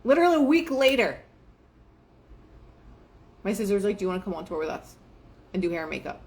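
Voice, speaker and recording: Woman, young adult, casual motivational host, chatty, fillers, acts out quotes, mid pitch. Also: fast. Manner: chatty, filler-heavy, quotes herself and others in lively asides. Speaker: manifestation show host.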